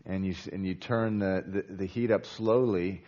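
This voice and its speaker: A man's voice: deep voice, steady tone, moderate pace, mellow, dull audio. A man preaching a sermon in a conversational way, with many fillers and restarts, growing emphatic as he goes. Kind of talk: sermon on a Bible passage.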